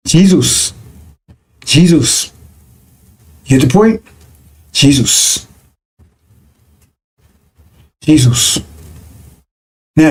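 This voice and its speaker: A man's voice: on the high side, mellow. A man preaching a broadcast sermon in a conversational teaching manner, often stopping to check with listeners. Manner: conversational, repeats 'right?' and 'see?' to check listeners.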